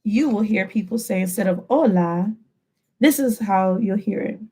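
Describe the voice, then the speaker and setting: Her husky, mid-range voice moves at a moderate pace as this woman in her thirties teaches an energetic online language class. She switches between English and Spanish and runs phrase-repetition drills with her students.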